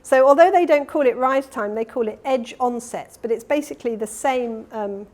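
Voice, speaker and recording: A woman delivering a keynote lecture at an academic conference, explaining step by step with fillers and quick self-corrections. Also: a little high, a little mellow. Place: conference hall.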